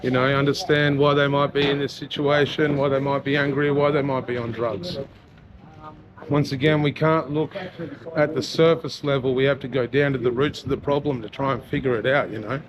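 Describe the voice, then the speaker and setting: A mid-range, slightly fast Australian voice belongs to a vlogger and rapper chatting loosely and sincerely as he walks a town street and mall, peppering everything with "you know." The noisy outdoor recording is lo-fi, with crowd noise in the background.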